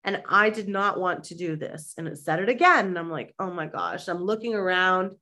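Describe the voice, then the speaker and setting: A woman, a mindset and manifestation coach, telling a lively personal story as a podcast guest and acting out the people in it. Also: lowish voice, moderate pace. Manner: animated, acts out quoted voices; conversational with fillers like "like". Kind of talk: anecdotal storytelling in an interview.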